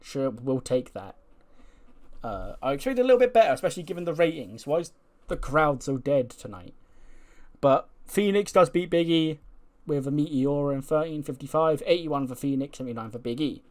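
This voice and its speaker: A man's voice: fairly high pitch, normal speed. Chatty man narrating a wrestling game. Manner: chatty, animated storytelling. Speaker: gaming channel host. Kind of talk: casual game commentary.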